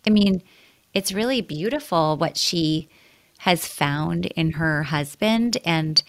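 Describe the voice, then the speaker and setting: A woman's voice: sits low, lively intonation, slow pace. A woman co-hosting a podcast, speaking in an effusive, emotional way. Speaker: podcast co-host. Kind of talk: casual chat.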